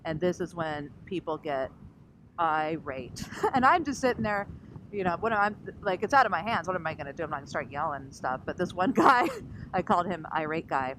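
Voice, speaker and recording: Lowish woman's voice, chatty vlog story, does the other people's voices, noisy with car sounds behind. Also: fairly quick. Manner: animated, acts out other people's lines. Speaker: vlogger. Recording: noisy recording with vehicle sounds.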